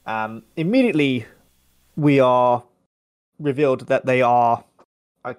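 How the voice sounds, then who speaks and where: His voice is mid-range, smooth and unhurried as this young podcast co-host rambles through a casual film review. He's chatty and frequently corrects himself.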